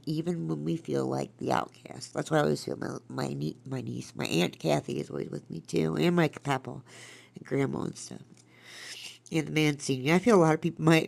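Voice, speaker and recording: A woman's voice: low-pitched, vocal fry, darkish tone. A woman hosting a podcast in casual chat, rambling and breaking off mid-sentence as she talks. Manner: rambling, self-interrupting, chatty. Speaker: podcast host.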